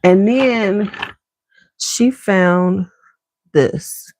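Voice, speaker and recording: A woman's voice: medium pitch, drawn-out words, darkish tone, no echo. A middle-aged woman vlogger chatting casually to her viewers and telling a family story from her home basement. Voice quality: gravelly, chatty and conversational.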